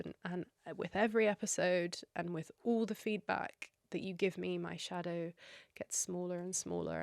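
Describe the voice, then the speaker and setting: A woman's voice: on the low side, gravelly, dry recording, studio quality. A woman hosting a solo podcast, speaking earnestly and encouragingly straight to her listeners while tearful. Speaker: podcast host.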